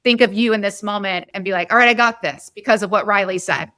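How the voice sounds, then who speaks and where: A woman's voice: mid-range voice, fast talker, pushed and bright, dry recording. A woman hosting a podcast interview, effusive and open about her own fears as she asks her questions. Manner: effusive, self-revealing. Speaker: podcast host. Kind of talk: casual interview.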